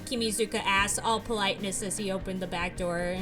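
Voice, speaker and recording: Animated young woman reading a game aloud. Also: mid-range voice, a little fast, over music. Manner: animated, laughs, excited asides. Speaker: let's play host and narrator. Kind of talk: reading a visual novel aloud and chatting.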